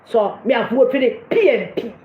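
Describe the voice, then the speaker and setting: A woman's voice: fairly high pitch, expressive, moderate pace, roomy sound, phone-quality sound. A Jamaican woman giving impassioned political commentary, scolding her listeners with rhetorical questions.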